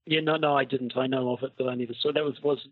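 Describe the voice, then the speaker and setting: Podcast co-host, male, husky voice, rambling and dry, heard over a tinny, muffled call line. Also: mid-range voice, fairly even intonation, rapid-fire, no echo. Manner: wordy, rambling, dry humor. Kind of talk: casual chat over a call. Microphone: internet call.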